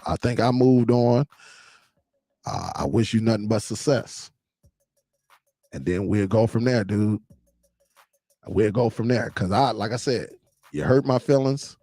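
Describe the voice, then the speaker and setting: Gravelly man hosting a chatty live stream. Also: mid-range voice, mellow, no echo. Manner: loose, talkative, laughs often, addresses viewers directly. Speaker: live show host. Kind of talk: casual live-stream commentary.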